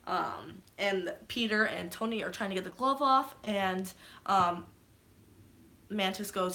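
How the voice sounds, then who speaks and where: A woman casually recapping a movie's plot in a vlog, excitable, swearing freely and geeking out. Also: mid-range voice, slow pace. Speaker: vlogger.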